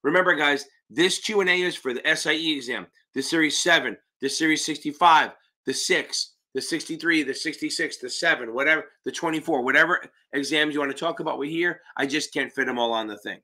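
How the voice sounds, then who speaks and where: A man's voice: on the high side, fairly quick, hardly any pauses, sharp tone. A man hosting a live-stream Q&A as an exam prep tutor, talking in a brash, profane and blunt way, with emphatic interjections.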